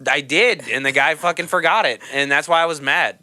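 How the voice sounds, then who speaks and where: A man's voice: fairly high pitch, fairly quick, bright, forceful tone, no room sound. A young adult man, a comedian guest on a casual podcast, telling rambling, profane stories.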